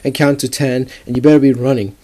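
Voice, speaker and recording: A man's voice: mid-range voice, level tone, mellow, natural voice. A young man voicing a lazy, whiny sick boy in a comic-book story. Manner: whiny, quick.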